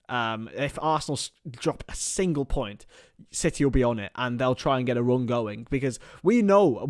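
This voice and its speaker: A man streaming live fan commentary on a football match, excitable and rambling, chatting with his viewers between calls of the play. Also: mid-range voice, no room sound, studio quality.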